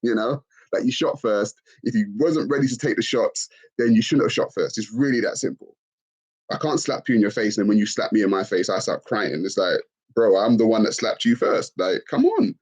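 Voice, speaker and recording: A man hosting a live stream, talking expressively and mockingly, often leaping into shrill put-on voices. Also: big pitch swings, fairly quick, a little mellow, breathy edge. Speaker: livestream host. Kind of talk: animated live-stream rant.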